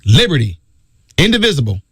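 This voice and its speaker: Male talk radio host, preachy and emphatic, lively pitch with big swings. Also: a little fast, breathy edge, no room sound, clean studio sound. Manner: emphatic, preachy, repeats key phrases.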